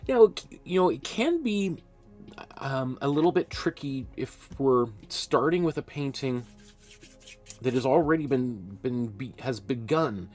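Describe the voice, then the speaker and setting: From his art studio, a man with a mid-range, darkish voice teaches a casual live-streamed painting class, animated but measured in pace, with faint music behind him. He chats and rambles, often laughing at himself, and has hiccups.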